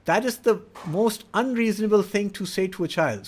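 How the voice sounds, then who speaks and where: A middle-aged man with a high-pitched voice speaks at a moderate pace with few pauses. As an educator explaining child development, he's earnest and instructive, sometimes acting out a parent's or child's words in quoted voices.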